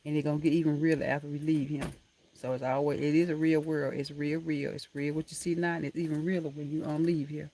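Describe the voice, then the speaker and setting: A woman's voice: sits low, little pitch movement, fast, warm tone, a little hiss or hum. Chatty woman live-streaming from home. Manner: chatty and affectionate, calls viewers honey and baby, laughs often. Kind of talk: casual live-stream chat with viewers. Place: room at home. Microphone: laptop camera mic.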